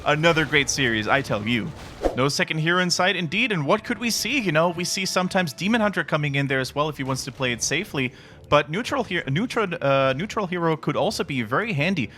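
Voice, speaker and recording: A man giving excitable, dramatic play-by-play commentary on a live strategy game match. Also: a little high, fast talker, faint music behind. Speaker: esports caster.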